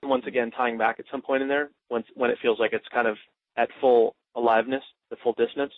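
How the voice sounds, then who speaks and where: A man's voice: medium pitch, level tone, quick pace, no echo. Man teaching coaching over a tinny line. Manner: loose and demonstrative, acting out coach lines. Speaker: coaching trainer. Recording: tinny dry phone line.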